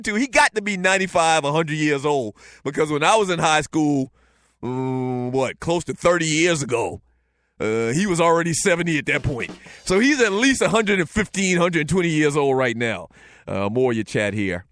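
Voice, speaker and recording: A man in his forties with a Southern Lowcountry accent, hosting a casual talk show, telling stories loosely and joking with the chat. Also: animated, moderate pace, a bit bright, dry recording, clean studio sound. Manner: loose, joking, storytelling with frequent fillers. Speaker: show host.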